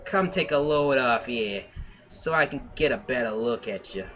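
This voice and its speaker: A man voicing a gruff, hard-boiled male private eye with a put-on Brooklyn accent and a tough-guy swagger. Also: medium pitch, expressive, moderate pace, bright, forceful tone. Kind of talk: comic dramatic reading.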